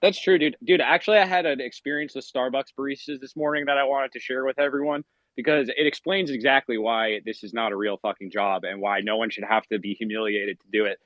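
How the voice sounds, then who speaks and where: A man's voice: medium pitch, steady tone, a little fast, few pauses, fairly bright tone, no room sound. A man hosting a casual call-in chat, pacing outside with a weak connection, talking profanely and getting worked up as he rants. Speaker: podcast host. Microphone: phone call at the edge of wifi range. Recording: dull lo-fi call audio.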